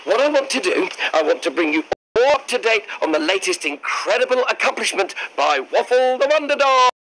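A man's voice: high voice, very animated, brisk, pushed and bright, exaggerated voice, rough recording. An actor playing a cheerful older grandfather, encouraging his dog and sounding out letters. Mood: cheery. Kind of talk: children's TV acting.

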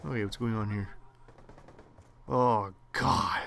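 A young man commenting on his own online shooter match, muttering to himself one moment and yelling curses the next. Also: medium pitch, slow, gravelly, pauses often, no echo. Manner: swings from muttering to loud swearing rants. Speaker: gaming commentator. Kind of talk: live gameplay commentary.

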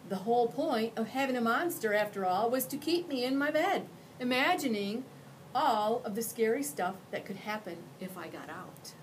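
A woman teacher reading a picture book aloud with expressive storytelling. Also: a little high, moderate pace, a little hiss or hum, rough recording.

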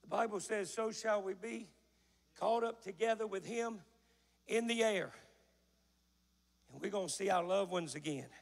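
A male pastor, preaching a folksy sermon in a church that builds to a shout. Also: sits high, unhurried, vocal fry, long pauses, big-room sound. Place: church sanctuary.

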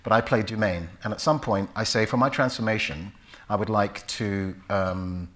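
British male actor, storyteller at a public talk, bright forward tone, acts out voices. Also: on the low side, moderate pace. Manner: animated storyteller who acts out voices and recites Shakespeare. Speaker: actor and author giving a talk. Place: lecture hall before a live audience.

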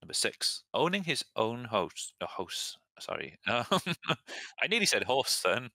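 A young man casually explaining example sentences as an English teacher, relaxed and chatty. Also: mid-range voice, measured pace, gravelly, dry recording. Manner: relaxed, chatty, laughs at own slips.

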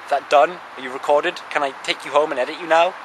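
A man's voice: fairly high pitch, steady tone, fast talker. Wry young man vlogging on a cold street. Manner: rambling, wry, self-mocking. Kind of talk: casual chat to camera. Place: sitting outdoors on a town street at night. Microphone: handheld camera's built-in mic. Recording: street noise and passing traffic.

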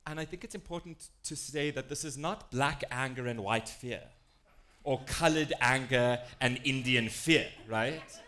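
Young South African man, lively self-mocking storyteller, inclusion speaker. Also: medium pitch, measured pace. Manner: animated, self-deprecating storyteller with lively shifts in tone. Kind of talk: storytelling talk to an audience.

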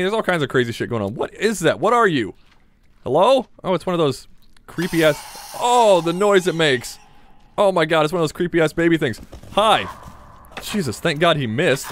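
A young man giving joking, excitable commentary while playing a survival horror game, talking to his viewers and swearing when startled. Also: medium pitch. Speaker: gaming channel host.

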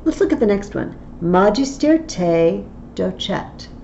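A woman's voice: mid-range voice, very animated, unhurried, vocal fry, warm tone, a little hiss or hum. A woman teaching a Latin lesson online, explaining patiently step by step. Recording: slightly dull lo-fi audio with faint ambience.

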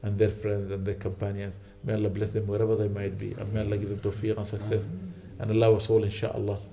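A male sheikh delivering a lecture to a mosque gathering, talking fast and urgently. His exhortations come with fervent emphasis, and at other times he settles into quiet prayer. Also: fairly low pitch, monotone, vocal fry, slight background noise. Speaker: sheikh giving a weekly lecture.

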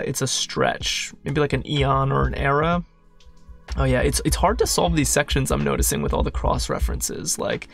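A man's voice: medium pitch, vocal fry. A man solving a crossword puzzle while thinking aloud, muttering, questioning himself and trailing off. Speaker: crossword solver.

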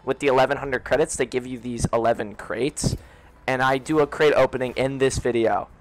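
A young man hosting his gaming video, briskly explaining what happened. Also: mid-range voice, fairly even intonation, slight background noise, poor audio. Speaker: video host. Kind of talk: quick vlog intro.

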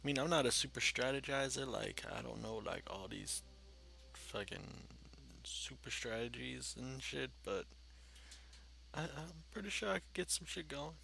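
A man's voice: mid-range voice, normal speed, creaky, bright, forceful tone. A man giving casual, rambling let's-play commentary, swearing freely and talking to himself as he plays. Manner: rambling, profane, talks to himself while playing. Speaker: gaming channel host.

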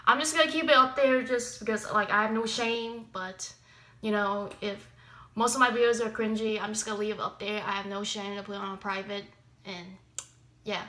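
A woman's voice: mid-range voice, fairly even intonation, moderate pace, pushed and bright. A young woman YouTuber reacting to her old videos in rambling casual talk, full of fillers and self-deprecating asides.

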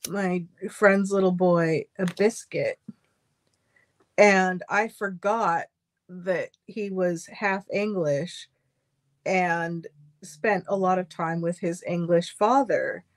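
A woman's voice: fairly low pitch, no echo. A woman co-hosting a livestream in casual chat, laughing a lot and telling stories at an easy pace. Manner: unhurried storytelling, laughs a lot. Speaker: livestream co-host.

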